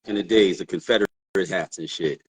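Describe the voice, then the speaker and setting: A man's voice: low voice, brisk, husky. A middle-aged man, a father co-hosting a casual podcast, telling stories and repeating words as he thinks. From New York. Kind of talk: casual chat.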